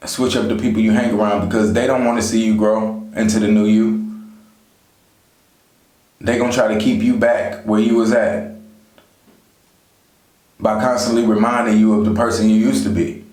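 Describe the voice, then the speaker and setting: Speaking at a moderate pace with a level tone, this man has a fairly low, darkish voice and pauses often. He gives casual, conversational life advice straight to camera from an echoey room, often saying "you know."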